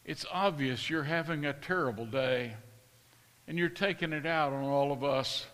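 A preacher quoting a gentle, kind old church elder. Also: male voice, a little high, normal speed, big-room sound, close to an everyday voice, poor audio. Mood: tender. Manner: soft, tender.

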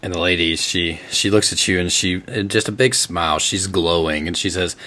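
A man's voice: low voice, fairly even intonation, normal speed, pushed and bright. A man running a tabletop game as game master, narrating scenes.

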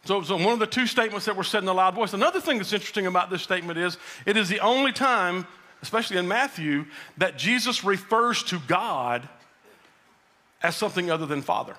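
High, bright-voiced male preacher. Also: lively intonation, fairly quick. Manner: preaching, rising to shouted quotes then dropping low. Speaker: pastor. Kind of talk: sermon.

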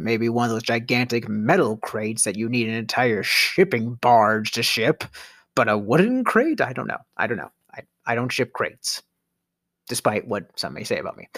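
Wry, animated male storyteller. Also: medium pitch, no echo. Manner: dry, self-mocking, wry asides. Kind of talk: comic storytelling monologue.

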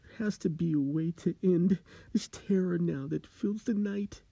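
Man putting on a haunted, frantic man, pitched high, panicky, manic, husky, spooky story. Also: a little slow, mellow, no room sound, full character voice. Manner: panicky, manic, breathless pleading. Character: frightened, giggling man haunted by a rubber duck.

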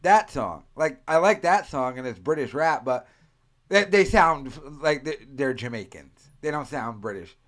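A U.S. podcast host delivers crude, rambling banter in a mid-range, sing-song voice at a moderate pace. He swears a lot and mimics accents mid-story while riffing.

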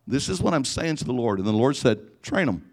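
A middle-aged man, a pastor, telling a personal story in an animated sermon before a live audience, sometimes rising to near-shouting. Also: mid-range voice, a little fast. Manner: animated, rising to near-shouting in emotional parts, frequent restarts. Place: church or conference hall before a live audience.

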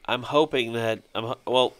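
A man hosting a casual podcast, telling stories in a rambling, animated way with many fillers. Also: medium pitch, normal speed, clean tone. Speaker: podcast host. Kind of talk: casual chat.

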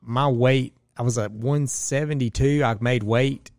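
A man's voice: mid-range voice, steady tone, a little slow, a little mellow, dry recording, studio quality. A man telling a fight story in casual chat, cursing freely and restarting his sentences. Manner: profane storytelling with lots of restarts.

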